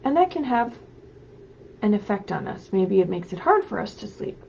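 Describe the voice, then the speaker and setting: A woman librarian hosting story time, reading picture books aloud to children in an animated, sing-song way and prompting them to join in. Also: medium pitch, moderate pace, gravelly, dull audio, slight background noise.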